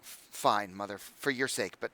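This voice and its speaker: A man's voice: lowish voice, unhurried, bright, forceful tone, pitched below the performer's own voice. A man voicing a touchy young male scribe who stammers and gets defensive in a tabletop game. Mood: sulky. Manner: stammering, defensive, restarts often.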